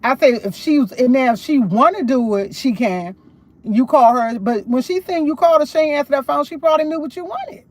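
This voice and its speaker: A woman's voice: sits high, expressive, brisk, a little mellow. A woman livestreaming, retelling a conversation in a casual, emphatic way. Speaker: livestream host.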